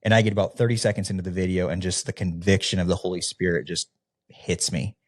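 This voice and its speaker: A man's voice: low-pitched, fast. A man from the American Midwest, a former youth pastor, telling his personal story as a podcast guest in a casual, candid way, with frequent fillers as he acts out the dialogue he is recalling. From Midwestern United States. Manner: casual, relaxed, with frequent fillers, often acting out quoted dialogue.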